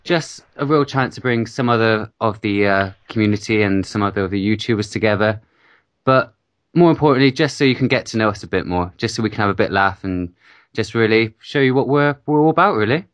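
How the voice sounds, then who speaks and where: A man with a British accent, co-hosting a casual gaming podcast, easygoing and quick to laugh at himself. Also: fairly low pitch, expressive, no room sound. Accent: British English. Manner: easygoing, laughs often, self-mocking. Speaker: podcast co-host.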